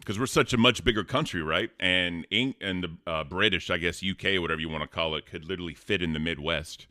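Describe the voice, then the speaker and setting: A man co-hosting a live stream, his voice deep yet bright and forceful. He reads out tips and messages in a loose, animated way and swears freely. The sound is dry and close to the mic. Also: fairly quick, no room sound. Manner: animated, cusses, calls out names and tips. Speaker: co-host reading donations. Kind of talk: casual live-stream chat.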